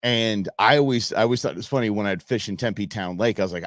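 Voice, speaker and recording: Male talk show host, deep-voiced, rambling and jokey, dry close sound. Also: fast, no room sound. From Arizona, USA. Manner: chatty, rambling, jokey with many restarts. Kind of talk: casual talk show monologue.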